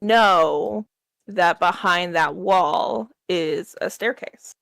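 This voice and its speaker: A woman's voice: on the low side, extremely slow, creaky, a bit bright, no room sound. A woman running a tabletop game as game master, narrating in a casual, matter-of-fact way.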